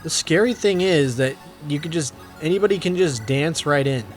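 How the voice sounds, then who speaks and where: A man's voice: fairly high pitch, normal speed. Chatty man narrating his gameplay. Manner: chatty, thinking aloud, self-deprecating. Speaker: video game let's-player. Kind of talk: casual gameplay commentary. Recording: faint background game music.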